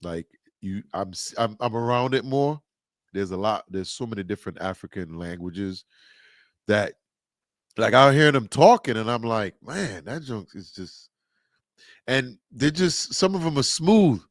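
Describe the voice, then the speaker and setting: A man's voice: lowish voice, normal speed, no room sound. Laid-back man telling stories, dry sound. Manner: animated storyteller, acts out quoted voices. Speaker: podcast co-host. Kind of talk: casual chat.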